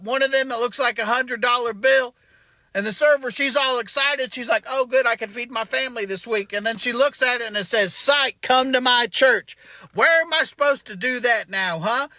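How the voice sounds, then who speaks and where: A man's voice: very high-pitched, pushed and bright, no room sound, full character voice. A comedian playing an indignant man ranting about a restaurant. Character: angry Southern male restaurant regular. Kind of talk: comic monologue.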